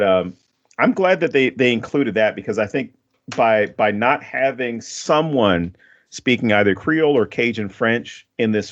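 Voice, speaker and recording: A man from Louisiana chatting casually as a podcast guest, rambling and swearing easily, with frequent restarts. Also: on the low side. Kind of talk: casual chat. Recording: dull lo-fi podcast audio.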